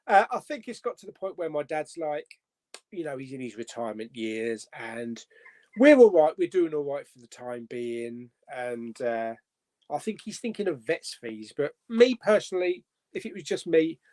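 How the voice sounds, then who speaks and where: A man's voice: a little high, very animated, moderate pace, a little mellow. A young man casually hosting a live movie chat stream, reading out viewer comments, joking and laughing often. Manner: chatty, laughs often, jokey.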